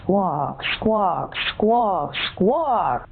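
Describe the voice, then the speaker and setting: A dotty old woman who thinks she is a parakeet, voiced by a text-to-speech woman, sweetly muddled and forever slipping into squawks and chirps. Her voice sits a little low. It comes through a thin, phone-line sound. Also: animated, very slow, vocal fry, noisy background, full character voice. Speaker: scam-baiting bot.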